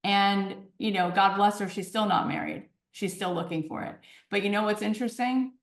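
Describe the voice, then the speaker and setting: A woman in her forties talks through personal stories as a podcast guest. She speaks with animated energy and keeps checking in with her listener. Her voice sits mid-range and carries a roomy echo. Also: mid-range voice, normal speed, far from the mic. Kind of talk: storytelling in conversation.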